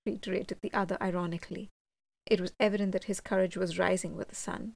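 A woman narrating a gothic story in the first person, with a measured, suspenseful delivery. Her voice sits in an ordinary middle range. The recording is close and dry, with no room sound. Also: medium pitch, steady tone, creaky, darkish tone, no room sound. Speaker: audiobook reader.

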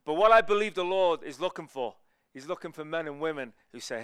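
A man giving a guest sermon in a chatty storytelling way, moving between loud emphatic lines and quieter asides. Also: a little high, animated, a little fast, clean tone, dry recording, studio quality. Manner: conversational, storytelling, swings between loud and hushed. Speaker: guest preacher.

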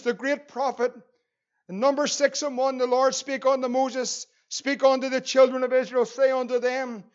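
A man's voice: extremely high pitch, clear, resonant tone, muffled recording. A man with a Northern Irish accent preaching a sermon as pastor, earnest and repeating phrases for emphasis.

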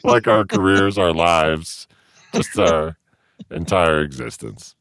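A man's voice: sits low, animated, slow pace, vocal fry, a bit bright, clear, resonant tone, no room sound, studio quality. A man cohosting a comedy podcast, improvising in a sheepish, mock-sincere way.

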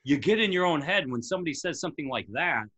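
A man in his forties, a former military instructor, chatting casually and telling stories with lively acted-out quotes. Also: fairly high pitch, fast, breathy edge, poor audio. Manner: animated storyteller who acts out quotes. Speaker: podcast guest, former Navy SEAL instructor. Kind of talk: casual chat.

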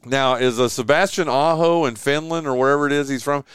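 A man's voice: mid-range voice, brisk, clean tone, no echo, clean studio sound. A man hosting a sports radio show from his home man cave, chatting casually and joking with a guest. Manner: animated, joking, lots of fillers and restarts.

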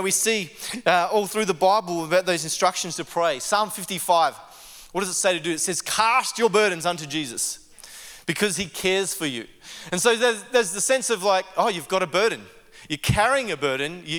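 A man's voice: high voice, pushed and bright, big-room sound. A male pastor preaching a conversational sermon in an earnest way, often stumbling and repeating words. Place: church service.

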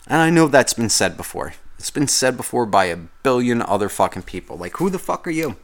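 A man in the middle of a podcast rant, cursing freely and complaining as he goes. His talk wanders from point to point in an unscripted, off-the-cuff monologue at an everyday pitch. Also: big pitch swings, a little fast. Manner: profane, rambling, complaining. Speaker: podcast host. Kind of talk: casual ranting monologue.

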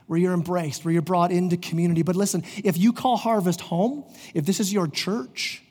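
High-voiced pastor preaching in a reverberant hall. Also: male voice, steady tone, a little mellow. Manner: earnest preaching with many quick restarts. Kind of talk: sermon. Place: church sanctuary.

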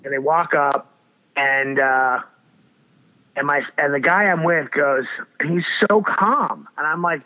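A man's voice: fairly high pitch, a little slow. A man telling a wild story in casual chat, rambling and swearing with lots of restarts. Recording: dull lo-fi audio.

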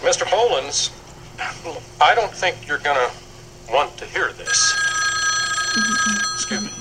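A man's voice: a little high, animated, takes it slowly. A tense, uneasy businessman. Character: uneasy businessman father facing a mobster. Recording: TV clip with clear background noise.

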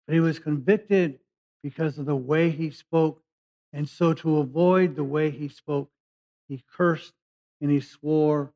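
In a dull, lo-fi recording, a California pastor teaches from the Bible at a measured pace, reading verses before breaking them down in everyday words. His voice sits slightly high, and his conversational sermon leans on key words.

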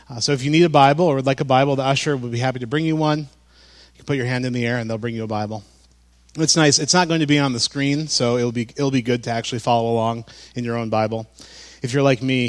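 A man preaching a sermon as pastor, in a relaxed, conversational way with frequent fillers and restarts. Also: mid-range voice.

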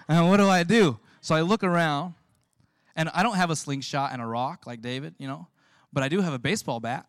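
A man preaching a sermon as the pastor, telling lively stories and laughing as he goes. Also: a little high, moderate pace, clean tone, dry recording. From California. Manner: storytelling, animated, laughs often.

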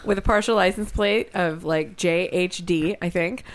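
A woman's voice: on the low side, moderate pace, a little hiss or hum. A young woman telling a story in casual podcast chat, swearing freely and acting out other people's voices. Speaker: podcast co-host.

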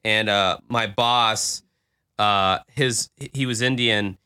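A man's voice: on the low side, steady tone, slow pace, pushed and bright, clear, resonant tone. A man co-hosting a casual podcast, joking and rambling about the story. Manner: laid-back, rambling, joking. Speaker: podcast co-host. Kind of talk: casual chat.

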